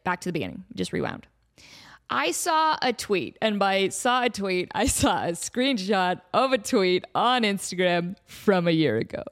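A woman's voice: medium pitch, big pitch swings, normal speed, few pauses. A young adult woman hosting a comedic podcast, rambling through tangents and laughing often as she talks. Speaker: podcast host. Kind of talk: casual comedic monologue.

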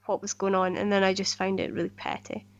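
A woman's voice: mid-range voice, completely flat delivery, brisk, lo-fi sound. A woman co-hosting a podcast in casual chat, earnest and enthusiastic, often restarting her sentences. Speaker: podcast co-host.

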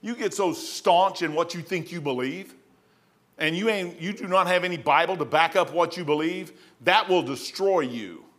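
A man's voice: fairly high pitch, moderate pace, fairly bright tone. A middle-aged man preaching, telling a story in a rambling way with many restarts. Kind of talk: sermon storytelling.

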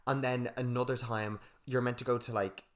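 A man's voice: mid-range voice, level tone, normal speed. A young man co-hosting a podcast, rambling through stories in casual chat full of slang and swearing. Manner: rambling storytelling with crude slang and filler words. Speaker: podcast co-host.

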